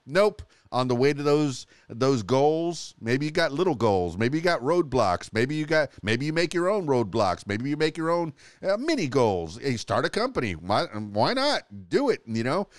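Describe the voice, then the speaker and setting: Smooth-voiced male podcast host. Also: on the low side, dry recording, clean studio sound. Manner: rambling and playful, many restarts. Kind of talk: casual podcast interview sign-off.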